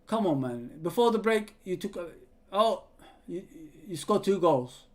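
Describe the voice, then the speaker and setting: A man hosting a live football watch-along, excitably calling the play, yelling at players and chatting with viewers. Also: sits high, a little slow. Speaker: fan channel host reading live chat.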